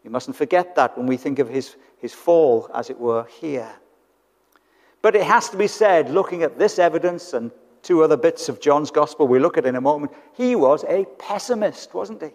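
A man's voice: a little high, animated, normal speed, darkish tone. A British man preaching a sermon in church, conversational and fond of rhetorical tag questions. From Britain. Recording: church hall with long reverb.

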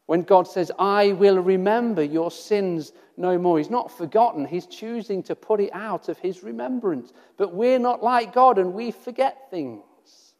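Male preacher, high-pitched and earnest, rhetorical questions and repetition, recorded with long reverb. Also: a little slow, darkish tone. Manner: earnest, rhetorical questions, repeats phrases for emphasis. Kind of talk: sermon.

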